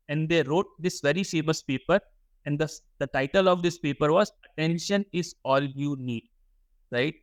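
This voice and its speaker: Higher-voiced man lecturing a class. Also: no room sound. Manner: repeats words, asks the class questions. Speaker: workshop instructor.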